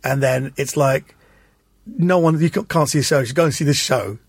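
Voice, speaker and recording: A man guest telling animated anecdotes in an interview, acting out the voices of people in his stories. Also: mid-range voice, brisk, no echo, studio quality. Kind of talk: anecdotal storytelling.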